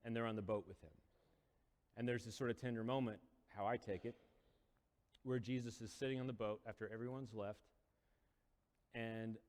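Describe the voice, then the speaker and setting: A man's voice: on the low side, fairly even intonation, moderate pace, pauses often, darkish tone. Man preaching in a reverberant hall. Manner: casual storytelling, acts out quotes with rising intensity. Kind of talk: sermon retelling a Bible story.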